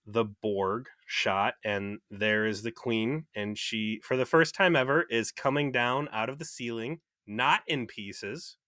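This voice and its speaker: A man's voice: medium pitch, unhurried, hardly any pauses, pushed and bright, no echo, studio quality. A young man co-hosting a podcast, recapping an episode in wry, casual chat and swearing freely. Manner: wry, swears freely, acts out quoted lines. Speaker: podcast co-host.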